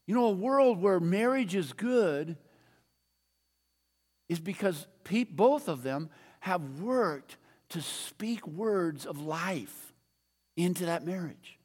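An older man delivers a sermon in a high-pitched voice, talking to the congregation like a conversation and circling back to the same refrain. His words ring out with the long reverb of a big hall. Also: lively intonation, slow, long pauses, a little mellow, breathy edge. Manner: conversational preaching with repeated refrains and questions to the audience.

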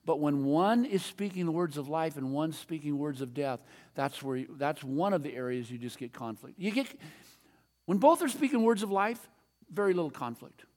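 A man's voice: fairly high pitch, expressive, moderate pace, a little mellow, big-room sound. An older man preaching a sermon in a conversational way, repeating refrains and asking his audience questions.

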